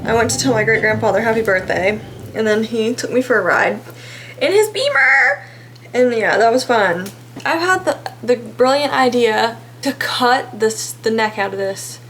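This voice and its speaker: A woman's voice: a little high, expressive, normal speed, a bit bright, soft background music. A woman in her twenties with a Texan accent, talking casually and rambling in a self-deprecating vlog. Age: 20s. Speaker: vlogger. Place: in a car, then at home.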